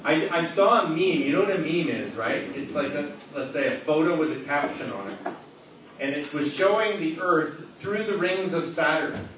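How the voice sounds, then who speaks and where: A man leads a sermon in a big hall, teasing and joking with the crowd as he asks them questions. His voice sits a bit high and swings widely in pitch. The sound is roomy and distant, with steady noise behind it. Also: normal speed. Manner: playful, joking, teasing the audience. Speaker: preacher. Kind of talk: interactive sermon with audience questions. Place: large hall with a live audience. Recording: echoey hall, distant, noisy.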